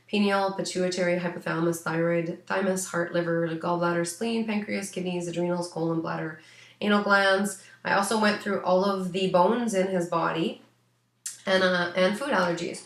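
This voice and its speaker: A woman's voice: fairly low pitch, a bit bright, echoey room. A woman working as an animal psychic, giving a rambling, casual reading full of fillers. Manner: rambling, many fillers, chatty. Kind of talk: casual spoken reading for a client.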